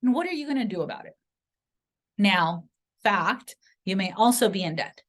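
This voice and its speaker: A woman giving an earnest motivational sales pitch to camera, speaking directly to the viewer and telling personal stories. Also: animated, moderate pace. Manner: earnest, direct, story-driven persuasion. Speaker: sales presenter.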